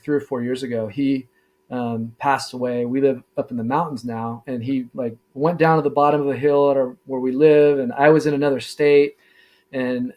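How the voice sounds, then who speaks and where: A middle-aged man, a former deputy sheriff, telling his story in a casual interview, halting with many fillers and restarts. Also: medium pitch, a little mellow.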